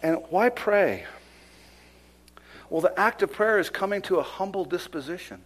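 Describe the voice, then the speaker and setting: A man preaching a fiery sermon in church, swinging between loud emphatic declarations and hushed whispers. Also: sits high, expressive, normal speed, long pauses. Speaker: pastor. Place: church service.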